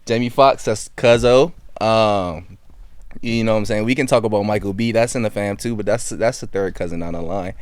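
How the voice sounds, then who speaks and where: A man's voice: on the low side, moderate pace, clear, resonant tone, dry recording. A young man who is a podcast guest, joking playfully in casual chat.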